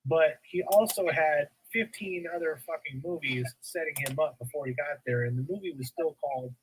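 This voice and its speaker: Opinionated man, a bit higher voice. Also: moderate pace, a little hiss or hum, low-quality recording. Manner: opinionated, argues his point. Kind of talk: casual chat.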